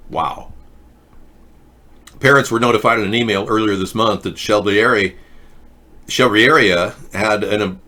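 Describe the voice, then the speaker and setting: Bright-toned sarcastic male talk host. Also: on the low side. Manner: sarcastic, reads headlines aloud then mocks them. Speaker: political talk show host. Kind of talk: casual political commentary.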